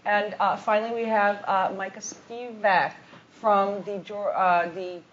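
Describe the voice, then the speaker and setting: A woman's voice: medium pitch, steady tone, measured pace. Woman, panel moderator, rambling, dull lo-fi sound, faint hiss. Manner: rambling, many fillers and restarts. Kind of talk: panel discussion.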